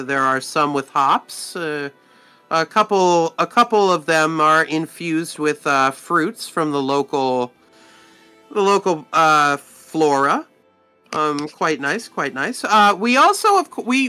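A man's voice: fairly high pitch, sharp tone, exaggerated voice. A man voicing a courteous female innkeeper who rambles politely through the menu.

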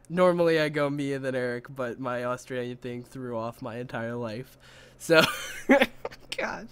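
Giggly, bright-voiced young podcast host. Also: male voice, fairly high pitch, clear, resonant tone. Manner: giggly, rambling, self-mocking. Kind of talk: casual podcast chat.

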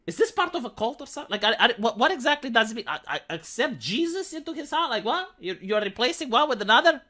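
A man's voice: extremely high pitch, very animated, quick pace, pushed and bright. A man ranting sarcastically in an opinionated commentary, peppering his talk with "like". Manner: sarcastic, ranting, heavy use of "like". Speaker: commentary channel host.

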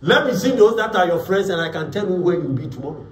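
A man's voice: high voice, animated, fast talker. A man preaching a sermon as pastor, emphatic, repeating words and acting out quotes. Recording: echoey room, voice from far off.

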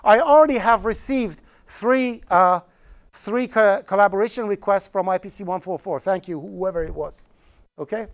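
Animated joking college lecturer, man. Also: high voice, normal speed. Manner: joking, animated lecturer addressing students directly. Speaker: college programming professor. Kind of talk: lecture to a class. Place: classroom.

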